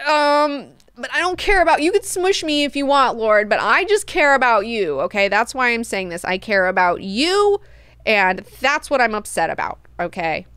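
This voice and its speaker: A woman voicing a devoted male steward who is upset and pleading, loud and higher than her own voice. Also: very animated, moderate pace, clean tone, no echo.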